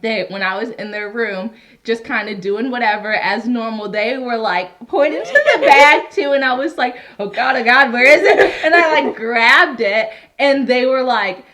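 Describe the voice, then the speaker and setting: A woman's voice: fairly high pitch, moderate pace. A young woman nurse, a podcast guest, chatting casually and telling stories. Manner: lively, laughs through stories. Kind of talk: casual chat.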